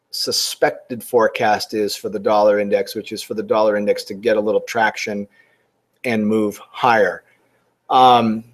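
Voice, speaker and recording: Middle-aged guy walking through charts in a webinar, chatty and a bit sarcastic, keeps restarting sentences. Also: mid-range voice. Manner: conversational, sarcastic, frequent restarts. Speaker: forex trader giving a webinar. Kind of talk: webinar market commentary.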